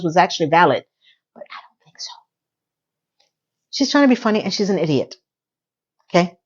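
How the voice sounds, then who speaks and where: Woman TV recap vlogger, mid-pitched, casual and animated, slightly muffled recording. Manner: animated, talks to viewers, playful asides.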